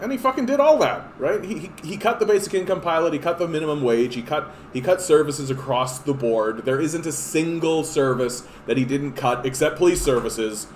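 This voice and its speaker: A man's voice: fairly high pitch, brisk, few pauses. A man hosting a political podcast, ranting casually with exasperation and frequent swearing. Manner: animated and exasperated, swears often, frequent fillers. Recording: echoey room, faint hiss.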